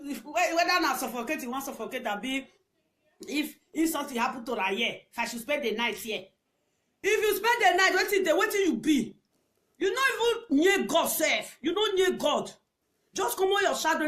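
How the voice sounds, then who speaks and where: High-voiced Nigerian woman ranting. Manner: scolding, repetitive, bursts into shouts and laughs. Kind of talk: angry ranting commentary.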